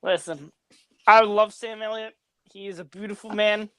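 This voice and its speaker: A young man with a higher-pitched voice co-hosts a casual movie chat, teasing the others in a deadpan way. His voice is recorded dry and close. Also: moderate pace, clean tone, dry recording. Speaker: podcast co-host.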